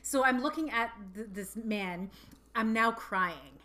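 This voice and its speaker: A young woman telling a story in a casual, animated way, full of fillers and laughter. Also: a little high, a little slow.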